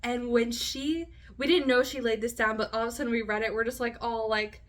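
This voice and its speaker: Bright-voiced woman reading an old diary aloud. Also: a little high, steady tone, brisk. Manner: giggly, chatty, breaks into laughs and asides. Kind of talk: casual diary reading with commentary.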